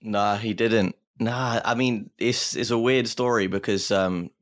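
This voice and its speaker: A man co-hosting a casual podcast with a fairly low voice. He talks in an easygoing, measured way as he explains a story. The sound is close and dry. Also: fairly even intonation, no echo. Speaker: podcast co-host. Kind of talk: casual chat.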